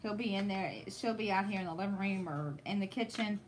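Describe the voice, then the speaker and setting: A woman hosting a craft livestream, chatting casually with viewers and telling stories in a slow, rambling way with frequent restarts. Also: medium pitch, slight background noise.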